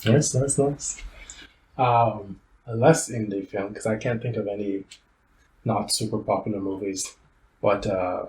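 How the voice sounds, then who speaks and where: A man's voice: lowish voice, fairly even intonation, measured pace, pauses often, darkish tone. Teasing man in a roomy room. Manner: teasing, joking. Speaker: podcast co-host. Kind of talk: casual chat. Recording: roomy, with faint ambient noise.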